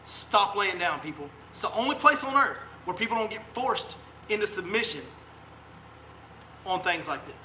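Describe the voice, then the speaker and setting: A man's voice: high voice, expressive, moderate pace, bright, forceful tone, a little hiss or hum. A man, a fishing guide hosting a live stream, delivering a fiery, emphatic rant full of repeated rhetorical questions. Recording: echoey room sound.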